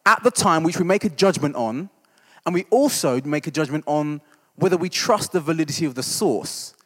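High-voiced man preaching. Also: animated, moderate pace, breathy edge, long reverb tail. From East End of London. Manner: conversational, self-deprecating, keeps asking "right?". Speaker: church discipleship leader. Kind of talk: humorous storytelling sermon.

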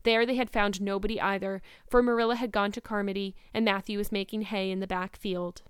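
A woman narrating a novel aloud in an expressive, reflective way, then musing on the chapter. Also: medium pitch, a little fast, clear, resonant tone, no room sound, clean studio sound. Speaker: reader of a novel. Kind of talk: storybook narration and commentary.

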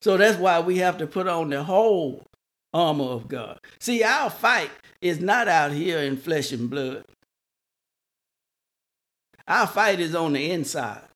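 A man preaching a sermon, slow and repetitive, restarting words for emphasis. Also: fairly high pitch, lively intonation, fairly bright tone.

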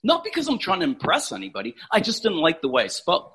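A man's voice: high voice, wildly swooping pitch, quick pace, pushed and bright, slightly rough. A man from Canada talking as a podcast guest in an emphatic, casual way, swearing freely. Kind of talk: animated motivational talk.

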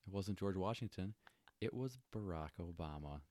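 Super deep voiced guy cohosting a podcast, chill and jokey, dry close mic. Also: expressive, moderate pace, mellow, no room sound. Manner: laid-back, lots of "like" fillers, joking asides. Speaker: podcast co-host. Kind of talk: casual chat.

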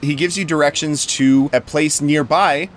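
A man's voice: fairly high pitch, fairly even intonation, moderate pace, slight background noise. A man narrating as game master of a tabletop game, in a casual, joking manner.

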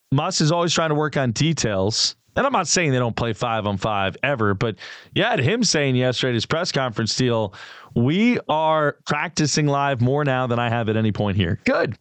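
A man's voice: mid-range voice, expressive, moderate pace, no room sound. A male sports radio host, chatting casually and opinionatedly, talking straight to his listeners. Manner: opinionated, conversational, addresses listeners directly.

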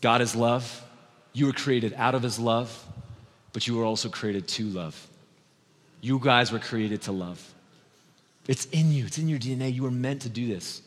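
Male pastor, 30s, fervent sermon delivery, dips quiet then climbs loud, long church reverb. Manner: impassioned, swings from soft and slow to loud and high.

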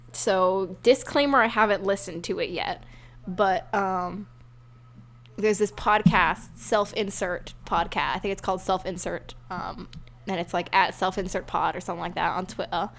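A woman co-hosting a podcast in casual chat, with playful deadpan teasing. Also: lowish voice, a little slow, vocal fry. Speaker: podcast co-host.

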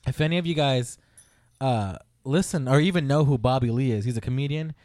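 A man casually telling a story on a podcast, animated and profane, laughing often. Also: mid-range voice, brisk, no echo, clean studio sound.

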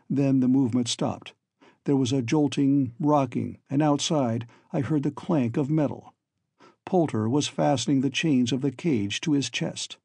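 A man narrating a story in the first person as an audiobook reader, in a measured, steady storytelling manner. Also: mid-range voice, gravelly, breathy edge, dry recording.

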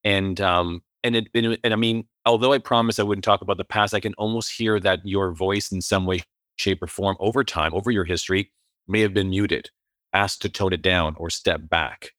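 A male interview host with a very low voice asks long, rambling questions. He hesitates and fills gaps with ums and restarts. The recording is close and dry. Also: steady tone, moderate pace, fairly bright tone, no room sound. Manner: rambling, hesitant, many fillers. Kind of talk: interview conversation.

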